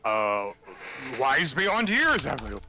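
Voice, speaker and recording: A man voicing a curious, clueless husband who asks quick, offhand questions. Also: medium pitch, fairly even intonation, pushed and bright, close to an everyday voice.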